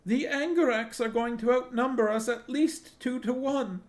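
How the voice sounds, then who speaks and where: A man reading a novel aloud and voicing a small, fiery young princess who speaks in a high, tearful, pleading way. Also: a little slow. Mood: sobbing.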